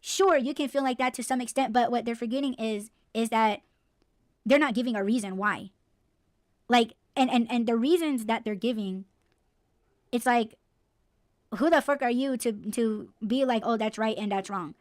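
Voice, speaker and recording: A woman's voice: a little high, normal speed, long pauses, no echo, clean studio sound. A woman hosting a podcast, ranting bluntly and swearing freely in a casual, heated way. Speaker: podcast host.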